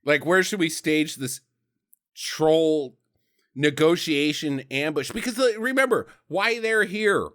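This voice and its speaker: A high-voiced man with a bright, forceful tone riffs on a monster movie for a podcast. His pitch swings widely as he jokes, swears and acts out scenes in goofy voices, laughing along the way. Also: slow pace. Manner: animated, profane, acts out scenes in silly voices, laughs often. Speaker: podcast co-host reviewing a movie. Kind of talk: casual comedic movie riffing.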